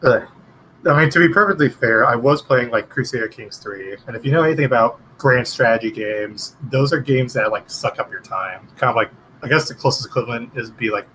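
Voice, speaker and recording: A man's voice: mid-range voice, a bit bright, a little hiss or hum, poor audio. A man chatting casually on a stream, meandering with many fillers and losing his train of thought. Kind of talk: casual chat.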